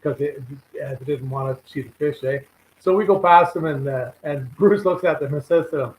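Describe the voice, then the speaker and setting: A man's voice: fairly high pitch, fairly quick, echoey room, rough recording. A man, a regular guest on a live fishing show, telling rambling anecdotes full of quoted dialogue. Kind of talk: casual storytelling chat.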